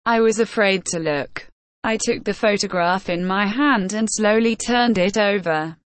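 Slow, careful woman storyteller. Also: mid-range voice, no echo. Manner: measured, careful reading with quoted dialogue. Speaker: narrator. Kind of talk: slow graded-reader story narration.

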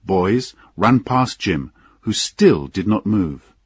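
A man narrating an audiobook in an unhurried, expressive storytelling manner. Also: deep voice, breathy edge, no echo, studio quality.

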